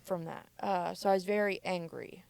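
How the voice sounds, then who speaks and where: On a podcast, a mother speaks candidly about her past in casual speech packed with "like." Her lowish voice is steady, gravelly and a little mellow, at a normal speed, with no room sound.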